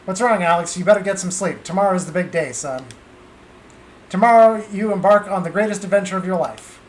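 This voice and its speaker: A man's voice: high-pitched, a little fast, slight background noise, lightly acted, low-quality recording. A man reading a proud, solemn middle-aged father's lines in a game, encouraging and earnest.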